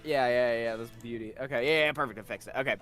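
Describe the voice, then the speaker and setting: A man co-hosting a stream, loud and animated, swearing and stammering as he reacts to fanfiction. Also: mid-range voice, fast, soft background music. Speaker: co-host reading fanfiction. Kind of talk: casual comedic reading commentary.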